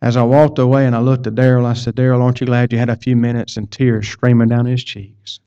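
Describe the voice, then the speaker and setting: A man's voice: medium pitch, little pitch movement, quick pace, mellow, clean tone. A man preaching a sermon, telling a personal story in a folksy way and repeating words as he goes. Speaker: pastor. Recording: dull lo-fi sound.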